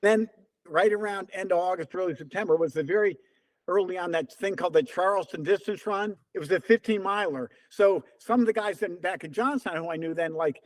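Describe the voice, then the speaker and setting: A man's voice: high voice, brisk. A man around seventy telling stories in an interview, acting out remembered dialogue. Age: about 70. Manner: lively, acts out remembered dialogue in quotes. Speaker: interview guest, veteran distance runner. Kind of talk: conversational storytelling.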